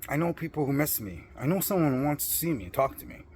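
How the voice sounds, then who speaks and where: A man's voice: a little high, animated, fast talker, a little hiss or hum. A middle-aged man in a blunt, profane personal rant, defiant and boastful about his principles. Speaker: vlogger.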